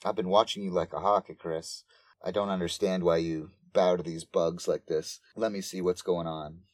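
A man voicing a scheming, defiant female angel android in a low-key quoted delivery, a bit higher than his usual voice. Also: fairly even intonation, moderate pace, no room sound, clean studio sound, lightly acted. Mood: creepy.

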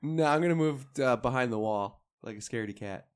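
A man's voice: medium pitch, a little fast, clear, resonant tone. A man playing a tabletop game, with a self-mocking, teasing sense of humor. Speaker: player.

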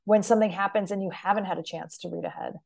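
A woman's voice: medium pitch, steady tone, quick pace, vocal fry, a little mellow. A woman hosting an interview and coaching on media skills, affirming her guest and asking reflective questions. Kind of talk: conversational interview.

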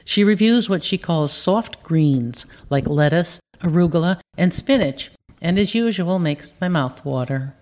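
A woman's voice: lowish voice, expressive, measured pace, few pauses, a little mellow. A woman co-hosting a podcast, reading a cheerful, upbeat scripted introduction. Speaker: podcast co-host.

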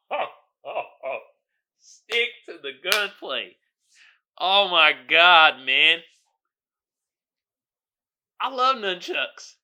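A man with a high voice hosts his own podcast, riffing loosely and animatedly in slangy street talk. His tone is very bright and sharp, and laughter breaks into his rambling commentary again and again. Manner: animated, joking, laughs often. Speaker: podcast host. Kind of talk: casual solo commentary.

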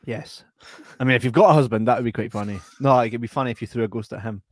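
A man's voice: mid-range voice, rapid-fire, dry recording, clean studio sound. A Scottish man co-hosting a casual podcast, joking, swearing and reading viewer comments aloud. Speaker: podcast co-host. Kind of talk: casual late-night podcast chat.

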